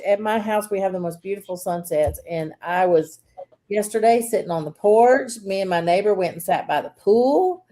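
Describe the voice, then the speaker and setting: Chatty woman co-host. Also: on the low side. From Southern US. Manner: chatty storyteller, animated when telling stories, laughs often. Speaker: podcast co-host. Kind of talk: casual chat.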